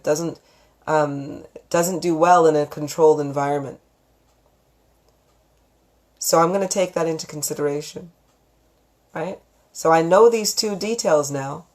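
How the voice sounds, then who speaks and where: A woman hosting a live psychic stream, talking in a calm, gentle, affectionate way as she counsels viewers on relationships and reads out their comments. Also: sits low. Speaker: psychic reader and channel host.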